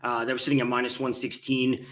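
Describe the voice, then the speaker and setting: A man who is a guest on a betting podcast, giving relaxed picks with frequent filler sounds. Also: medium pitch, fast. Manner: easygoing, with frequent filler ums. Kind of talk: sports betting analysis.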